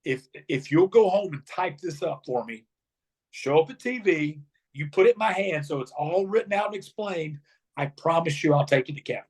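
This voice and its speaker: His voice sits on the high side with a breathy edge, and he talks at a normal speed. The speaker, a middle-aged ex-wrestler, is being interviewed and tells lively stories, acting out what each person said.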